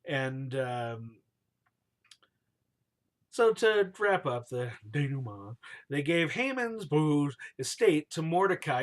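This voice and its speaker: A man's voice: medium pitch, expressive, slow. A man retelling a scripture story casually and playfully, cheering and booing the names as he goes, in slangy speech.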